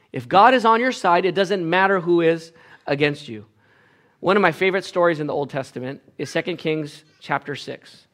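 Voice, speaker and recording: A man preaching a sermon, retelling a Bible story in a casual, animated way, acting out the characters' voices with big swings from hushed to loud. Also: a little high. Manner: casual asides and filler restarts. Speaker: pastor.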